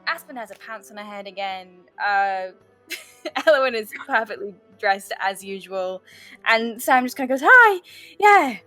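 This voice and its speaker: A woman's voice: medium pitch, moderate pace, fairly bright tone, soft background music. A woman running a tabletop horror game as game master, narrating loosely with lots of fillers.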